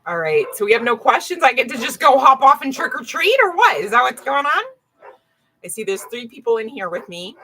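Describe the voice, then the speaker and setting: A woman's voice: a little high, sing-song, fairly quick, sharp tone, rough recording. A woman doing a casual live-stream tarot reading, chatty and full of "right?" and "okay?" asides, with dogs barking now and then. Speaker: tarot reader.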